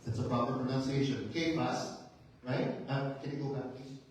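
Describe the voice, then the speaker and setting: A man's voice: mid-range voice, little pitch movement, fairly quick, a little mellow. A male pastor preaching a sermon with emphatic rhetorical questions, building to fervent intensity. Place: church sanctuary. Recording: very echoey church hall, mic at a distance.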